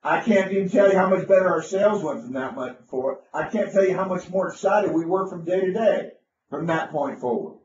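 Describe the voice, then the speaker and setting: A man's voice: high voice, brisk, noisy background. A man telling an enthusiastic, rambling business story, with frequent restarts. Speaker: business speaker. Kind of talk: anecdotal storytelling talk. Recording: roomy, distant, dull lo-fi sound.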